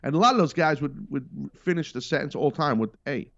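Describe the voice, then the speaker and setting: A man's voice: a little high, expressive, quick pace, creaky, fairly bright tone, dry recording. Emphatic, rambling man hosting a podcast. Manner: rambling, emphatic, self-interrupting. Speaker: podcast host and wrestling commentator. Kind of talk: casual monologue. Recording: dull lo-fi dry sound.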